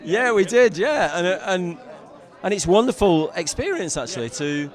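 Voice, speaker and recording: A film director reflects thoughtfully while standing on a city red carpet. His voice sits slightly high. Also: very animated, moderate pace, a faint crowd. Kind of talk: casual red carpet interview.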